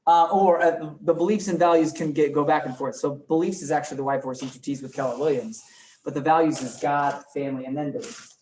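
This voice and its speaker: A man teaching a real estate class, energetic and often quizzing his students. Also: on the high side, fast talker. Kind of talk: live classroom training talk. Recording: roomy room, mic from far off, faint noise.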